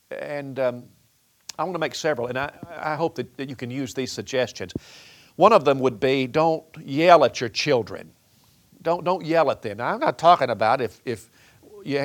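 Man, middle-aged, preacher, sermon, earnest, stumbling restarts, mid-pitched voice. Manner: earnest, repeats words as he restarts, acts out parents' lines. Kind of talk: sermon-style teaching on parenting.

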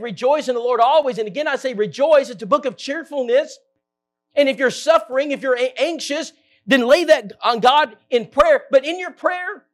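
A man preaching a Bible-teaching sermon, reading scripture aloud in slow, stressed phrases and rising in pitch and volume for emphasis.

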